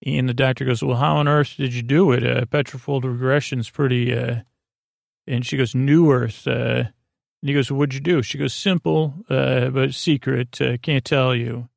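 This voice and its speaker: A man hosting a bedtime podcast, recapping a TV episode in a meandering way, halting often with fillers. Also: mid-range voice, flat delivery, vocal fry, no room sound, studio quality. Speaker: podcast host.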